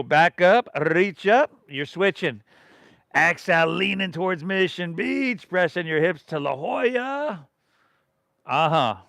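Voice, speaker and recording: A man's voice: sits high, vocal fry, a bit bright, no echo, clean studio sound. A middle-aged man from leading a live yoga class, giving rhythmic breath and pose cues with casual, encouraging asides. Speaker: yoga instructor.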